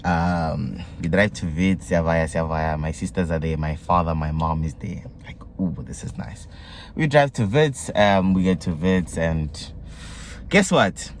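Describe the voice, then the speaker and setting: A young man with a South African accent and a low, deep voice recounts his day in a relaxed vlog, getting excitable and dropping slang and local words as he goes. A faint hiss sits under the recording. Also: unhurried. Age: young adult. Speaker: vlogger. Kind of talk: casual storytelling vlog.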